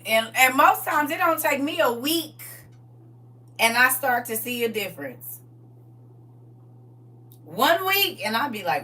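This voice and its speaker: Bright-voiced woman preaching from afar. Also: high voice, very animated, measured pace, long pauses. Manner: conversational, call-and-response with congregation. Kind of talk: sermon. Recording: voice from far off the mic.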